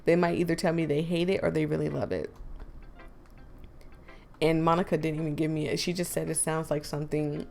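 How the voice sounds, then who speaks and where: A woman's voice: low voice, level tone, brisk, creaky, pauses often, a little mellow, soft background music. A young woman streamer giving casual let's-play commentary, chatty and giggly, reacting aloud as she reads. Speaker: gaming streamer.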